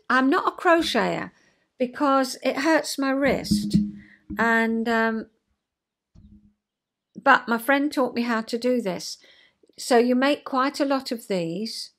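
An English woman in her sixties with a Southern English accent talks to camera from home in a chatty, rambling way. She fills her talk with asides and little fillers, and her voice sits a touch higher than most women's. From South East England. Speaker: vlog host. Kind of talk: chatty solo vlog. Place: at home, indoors.

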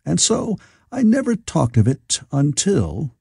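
A man reads as a calm, inventive Victorian gentleman scientist. He explains his ideas patiently in a lively, varied voice that stays mellow and slightly husky. The sound is dry and close. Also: on the high side, takes it slowly, no room sound, voice pushed up, exaggerated voice.

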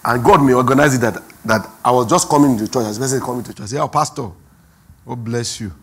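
A man with a Nigerian accent, preaching a sermon as pastor, who swings from quiet asides to loud, drawn-out emphasis. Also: medium pitch, breathy edge. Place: church hall.

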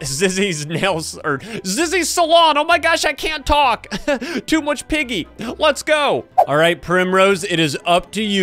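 A young man giving excited gameplay commentary, laughing often and yelling at other players. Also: on the high side. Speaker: gaming YouTuber.

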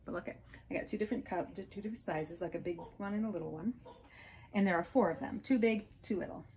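A woman's voice: medium pitch, fast talker, darkish tone. Woman, resale vlogger, chatty show-and-tell, gushing, hiccuping, faint background hiss. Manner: chatty, gushing over small finds. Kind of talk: casual show-and-tell haul.

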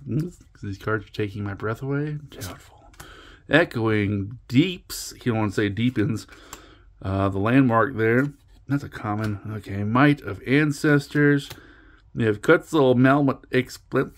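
Brief: male channel host, mid-pitched, loose self-mocking commentary while cracking packs. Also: unhurried. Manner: rambling, self-mocking, stumbles over card names. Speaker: card-opening channel host. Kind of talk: casual pack-opening commentary.

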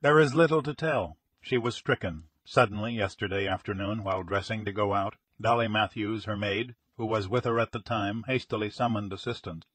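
A man's voice: lowish voice, fairly quick, hardly any pauses, a bit bright, slightly rough, no echo. A man voicing a frantic, grief-stricken gray-haired older man who shrieks, rages and sobs. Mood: grieving. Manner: shrieking, raging, sobbing.

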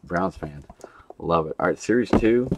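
Male host, young adult, lower voice, casual and rambling, reads out card pulls. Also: lively intonation, unhurried, noisy background. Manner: casual, rambling, calls out names and card numbers. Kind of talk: live stream card break chat.

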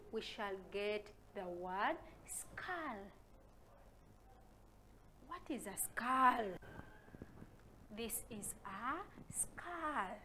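A Ugandan woman teaches young children to read at a very slow pace, stretching each syllable and punching out single sounds loudly. Her voice sits a little high. A faint noise runs under the recording. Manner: slow, sounds out syllables with loud stressed calls. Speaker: primary school teacher.

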